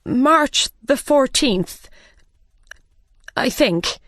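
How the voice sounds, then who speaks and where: A man's voice: animated, very slow, sharp tone, no echo, clean studio sound, exaggerated voice. A woman voicing a nervous, frightened hatter with a raised, pleading voice. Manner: higher pitched, anxious, pleading.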